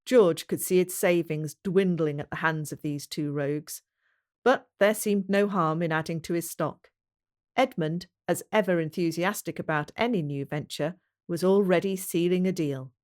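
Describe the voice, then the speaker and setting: A woman with a lowish voice narrates a historical novel as an audiobook reader, in a measured, even storybook style.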